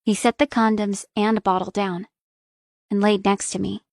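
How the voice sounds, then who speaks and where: A young adult woman narrating a first-person romance audiobook in a soft, intimate reading. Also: mid-range voice, flat delivery, moderate pace, no room sound, studio quality.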